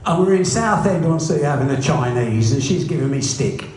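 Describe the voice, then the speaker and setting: Brief: man, boxing promoter, blunt and funny anecdotes, animated delivery, very echoey room. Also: fairly high pitch, moderate pace, a little hiss or hum. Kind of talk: anecdotal interview storytelling.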